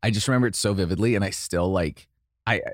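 A man's voice: sits low, quick pace, no room sound, studio quality. A young man co-hosting a podcast in casual chat, rambling and laughing often as he tells stories. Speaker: podcast co-host.

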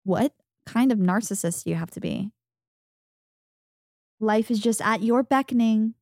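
A young woman co-hosting a casual chat podcast, telling stories with lively mimicry of the people involved. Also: unhurried, dry recording, studio quality. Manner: animated storyteller, mimics people in high voices. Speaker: podcast co-host.

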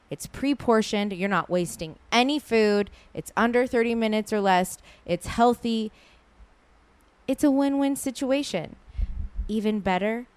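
A woman's voice: medium pitch, clean tone, dry recording. A woman, hosting a podcast in a casual, slangy way full of asides. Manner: chatty, slangy, fast asides, frequent "like". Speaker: podcast host. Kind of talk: casual chat with ad read.

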